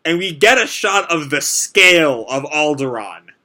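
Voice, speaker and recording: Young man, manga reaction host, casual, rambling, bright, lively pitch. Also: measured pace. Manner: casual, rambling, many fillers. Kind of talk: live reading and reaction.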